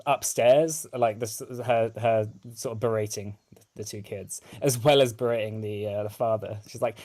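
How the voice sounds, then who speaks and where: A man's voice: fairly low pitch, fairly even intonation, moderate pace, a little mellow. Hesitant male game master. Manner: hesitant, many fillers. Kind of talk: narrating a tabletop game.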